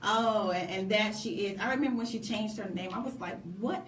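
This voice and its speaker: A woman co-hosting a casual radio talk show, speaking in a lively, preachy way with laughing asides. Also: mid-range voice, fairly quick, slight background noise. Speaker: co-host. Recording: echoey room from a distant mic.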